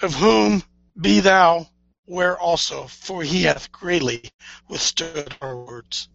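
Fervent male preacher, gravelly and bright-toned, on a dull, dry lo-fi recording. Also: on the high side, takes it slowly, dry recording. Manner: fervent, swings between hushed and loud. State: tearful. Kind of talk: impassioned preaching.

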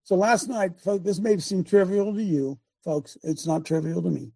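Fervent male call-in host, husky and dark, preaching-style delivery. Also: high-pitched, normal speed, no echo. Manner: fervent, emphatic, repeats phrases. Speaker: talk show host.

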